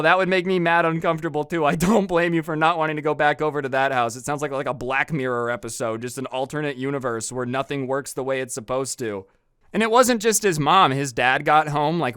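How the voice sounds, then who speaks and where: A man's voice: fairly high pitch, clean tone, dry recording, studio quality. A young man casually retelling viewer stories, chatty and slangy, acting out the people he quotes. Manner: chatty, animated, slangy, acts out quoted voices. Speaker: storytime vlogger. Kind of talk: casual storytelling.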